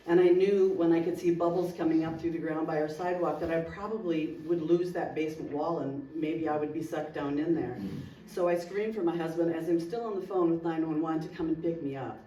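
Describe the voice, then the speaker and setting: Woman telling an emotional story, mellow tone. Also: low-pitched, brisk. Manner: emotional, vivid storyteller quoting dialogue. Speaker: resident speaking at a community meeting. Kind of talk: personal storytelling to a meeting. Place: community meeting room. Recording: roomy hall, distant mic, faint noise.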